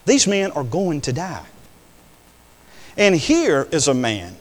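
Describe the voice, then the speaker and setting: An older male preacher delivering an impassioned sermon, swinging between hushed words and loud declarations. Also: on the high side, big pitch swings, a little slow, long pauses. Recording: long hall reverb.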